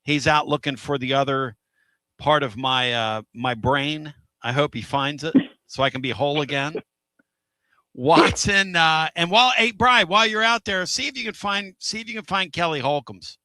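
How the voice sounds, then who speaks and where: A fired-up man hosting a sports talk show with a bright, forceful voice pitched a bit high. He rambles eagerly from story to story. The studio sound is dry and close. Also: moderate pace, dry recording. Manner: energetic, rambling, laughs often. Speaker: radio show host. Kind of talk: excitable sports radio chat.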